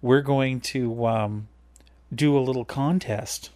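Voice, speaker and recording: A man's voice: medium pitch, slow pace, a little mellow, dry recording. Chatty man co-hosting, dry sound. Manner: chatty, rambling, teasing. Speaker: podcast co-host. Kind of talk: casual chat.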